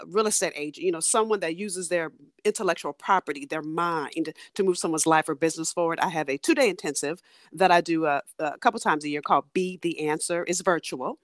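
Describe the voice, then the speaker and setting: A woman in her forties, a coach, speaking as a podcast guest and telling stories in lively, rapid bursts. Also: low-pitched, no echo, studio quality. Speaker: business and transformation coach.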